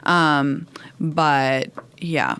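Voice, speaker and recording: A woman's voice: low-pitched, drawn-out words, clean tone, dry recording. A woman raised in England who now talks with a Valley girl accent, chatting animatedly as a podcast guest and peppering her stories with "like.". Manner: chatty, animated storyteller, frequent "like". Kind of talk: casual chat.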